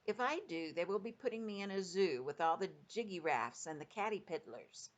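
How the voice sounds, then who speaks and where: A woman's voice: fairly low pitch, animated, normal speed, muffled recording, close to an everyday voice. A woman voicing a kindly big friendly male giant who talks in mangled grammar with made-up words.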